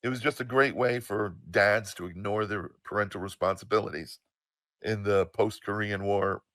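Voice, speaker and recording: A man in his sixties from the United States, telling a personal story in an animated, emphatic way with some swearing. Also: fairly low pitch, normal speed, no echo. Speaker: storyteller, show host.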